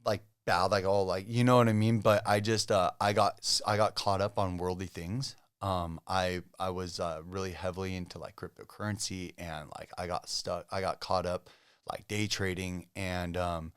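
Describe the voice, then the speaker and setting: A man from Southern California with a very low, smooth and resonant voice, recorded dry and close. He tells his story as a podcast guest in relaxed, casual talk, peppered with "dude", "bro" and "like". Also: normal speed, no echo. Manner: laid-back, full of "dude", "bro" and "like". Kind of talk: casual testimony chat.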